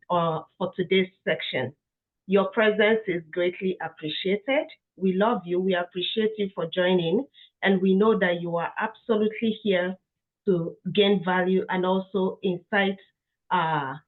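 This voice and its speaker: A woman who founded a tech community gives a workshop talk while under the weather, inviting and warm, with frequent fillers. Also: medium pitch. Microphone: video call. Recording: tinny phone-like call audio.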